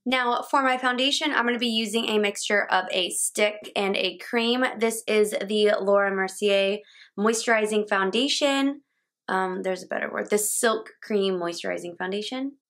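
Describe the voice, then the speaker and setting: A young woman talks through her makeup routine at home in a relaxed, chatty way. She stumbles over product names and laughs them off. Her voice sits at an ordinary middle pitch. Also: normal speed. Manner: chatty, casual, laughs at own slips. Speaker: beauty vlogger. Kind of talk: makeup tutorial talk-through. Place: home, indoors.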